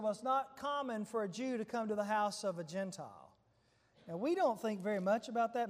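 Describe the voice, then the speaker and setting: A male preacher retelling a scripture passage in a relaxed, conversational sermon, quoting verses as he goes. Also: high-pitched, long reverb tail. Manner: conversational storytelling with quoted scripture.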